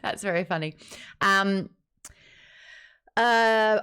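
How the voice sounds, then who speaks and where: Lively Australian woman hosting a stream. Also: lowish voice. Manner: lively, fast-running, joking. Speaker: host. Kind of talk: live-streamed book club chat.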